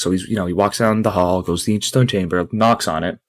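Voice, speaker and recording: A podcast co-host with a low voice, telling a long joke in a rambling, casual way. He leans on fillers as he goes. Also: steady tone, fast talker, few pauses.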